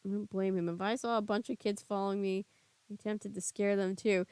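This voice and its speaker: A woman's voice: mid-range voice, little pitch movement, brisk, a little mellow, clear, resonant tone, dry recording. Southern woman reading a book aloud. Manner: reads the book, then chats casually with viewers. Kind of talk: book reading with live chat asides.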